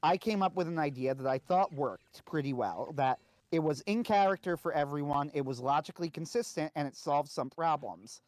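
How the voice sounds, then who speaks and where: Man, co-host, casual podcast chat, slightly higher voice, keeps asking "right?". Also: moderate pace, no room sound. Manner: conversational, keeps checking in with "right?".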